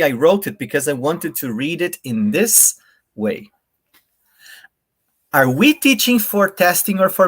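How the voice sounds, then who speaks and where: A man's voice: mid-range voice, fairly bright tone, breathy edge. A man giving a live online workshop, addressing viewers directly in a friendly way and demonstrating intonations aloud. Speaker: workshop presenter. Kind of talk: live online teaching talk.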